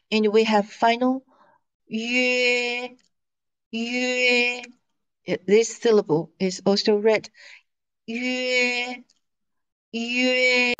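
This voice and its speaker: A woman teaching pronunciation in a lesson, patient and repeating each syllable for students to follow. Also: on the high side. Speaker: Mandarin teacher.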